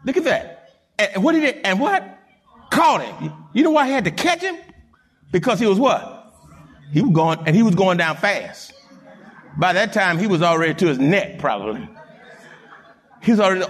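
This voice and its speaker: A man preaching a sermon in a dramatic, animated storytelling way, chuckling as he goes. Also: high voice, normal speed, pauses often, slightly rough.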